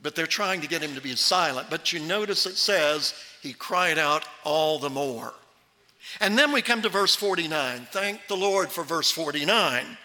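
Man preaching, animated, acts out voices, high pitch, church reverb. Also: moderate pace. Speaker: pastor. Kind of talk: sermon.

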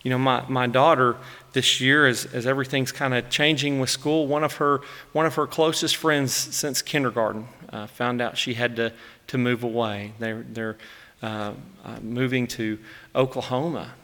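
Pastor, man in his 30s, earnest and emotive sermon delivery, crisp bright tone, long hall reverb. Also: mid-range voice, fairly even intonation, normal speed. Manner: earnest, emotive preaching that acts out anguished laments.

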